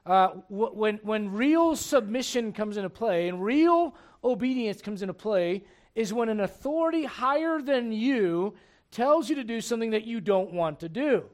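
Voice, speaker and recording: A man preaching a midweek sermon, his voice gravelly and congested, moving from quiet reading to emphatic points. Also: sits high, normal speed. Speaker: pastor.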